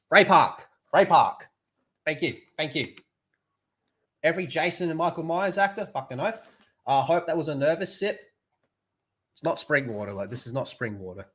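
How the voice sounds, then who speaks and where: A man's voice: on the high side, expressive, moderate pace, fairly bright tone, husky. A young man with an Australian accent, chatting crudely and swearing a lot on a live stream, laughing often. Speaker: streamer reviewing a TV show. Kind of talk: casual live-stream chat.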